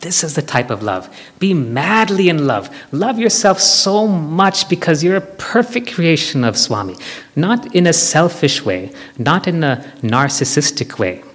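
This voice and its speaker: A man giving a devotional talk to an audience, animated, leading them in group chants. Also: fairly high pitch, unhurried. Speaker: spiritual speaker. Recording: hall with long reverb.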